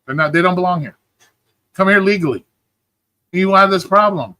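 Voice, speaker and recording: Ranting on his livestream, a man swears, mocks, and argues with chat, doing whiny-voiced impressions of people. His high-pitched voice is brisk, bright and forceful. The audio has no room sound.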